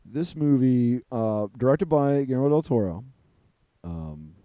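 A young man hosting a laid-back film chat, laughing a lot and stumbling through his sentences. His voice sits in a middling pitch with a dark, mellow tone, and the recording is dry and close. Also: sing-song, dry recording. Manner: laughs often, halting with fillers and restarts. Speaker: podcast host. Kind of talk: casual movie review chat.

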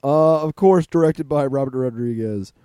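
A man with a very dark, mellow voice hosts a relaxed movie chat. He jokes and laughs often as he moves things along. The sound is dry and close. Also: mid-range voice, moderate pace, smooth, no echo. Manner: joking, laughs often, leads the segments. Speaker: podcast host. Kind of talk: casual movie-trailer chat.

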